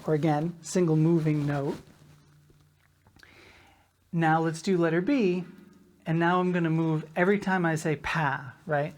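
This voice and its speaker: Low-voiced lady drum teacher, patient, chants the sticking patterns out loud, bit of hiss behind. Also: fairly even intonation, measured pace, long pauses. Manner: patient, counts patterns aloud in a sing-song rhythm. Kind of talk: instructional lesson.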